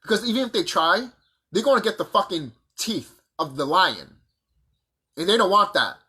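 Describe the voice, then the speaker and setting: A man delivering a profane, combative monologue full of rhetorical questions, with a husky voice. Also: high-pitched, sing-song, moderate pace, pushed and bright. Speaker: vlogger. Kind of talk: ranting monologue to camera.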